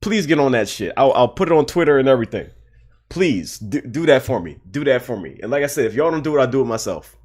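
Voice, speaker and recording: A man's voice: medium pitch, lively intonation, quick pace, a little mellow. Heated man ranting on a livestream. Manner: repetitive, heated, swearing, laughing. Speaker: livestream host. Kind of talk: casual livestream rant.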